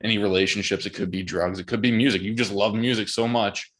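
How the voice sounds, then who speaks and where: A man in a band, a guest on a podcast, talking in a relaxed, reflective way. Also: lowish voice, fast talker. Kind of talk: casual interview chat.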